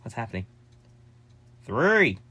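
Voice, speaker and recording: A man rambling to his viewers in a casual vlog, addressing them constantly and hopping between subjects. His pitch swings up and down animatedly, and his delivery stays scattered and playful. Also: breathy edge. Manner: excitable and scattered, jumping between topics; addresses viewers as "guys", quick asides and joking. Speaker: vlogger.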